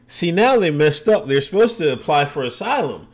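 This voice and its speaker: A man's voice: a little high, big pitch swings, moderate pace. A man hosting a casual livestream podcast, answering viewer comments with loose, joking, sarcastic asides and frequent laughs.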